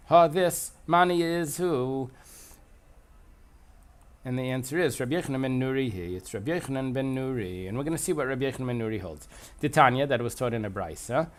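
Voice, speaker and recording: Male Talmud teacher; explanatory, reads a line then translates it. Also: medium pitch. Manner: reads Aramaic aloud then translates, thinking aloud. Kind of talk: explanatory lesson.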